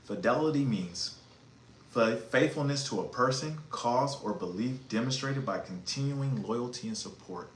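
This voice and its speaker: A man holding forth on his podcast, emphatic and animated, dropping slang as he preaches his point. His mid-pitched voice rings around an echoey room, with a faint hum of ambience underneath. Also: measured pace. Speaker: podcast host. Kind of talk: casual monologue on relationships.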